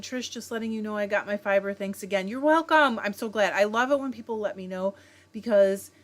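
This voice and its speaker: A middle-aged woman hosting a casual livestream from home, reading viewer comments aloud and greeting people by name in a chatty way. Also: a little high. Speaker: livestream host reading chat. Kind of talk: casual chat.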